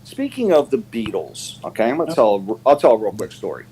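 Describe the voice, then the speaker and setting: Animated man telling stories. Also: fairly quick, a little hiss or hum, rough recording. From United States. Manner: animated storyteller, many fillers, pitch jumps when quoting. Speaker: panelist. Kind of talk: casual live panel chat.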